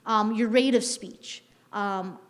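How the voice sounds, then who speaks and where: A woman leading a staff training session in a conversational way, often checking in with "right?" and pausing on "um". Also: mid-range voice, long reverb tail. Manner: frequent "um" fillers and restarts. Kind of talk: workplace training talk.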